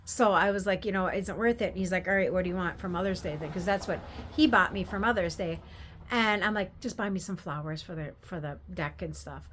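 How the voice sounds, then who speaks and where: A woman's voice: on the low side, a little fast, fairly bright tone, slight background noise. An older woman telling a candid, rambling story in a casual vlog, laughing at her own mishaps. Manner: rambling, candid, self-deprecating, laughs while telling stories. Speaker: craft vendor vlogger.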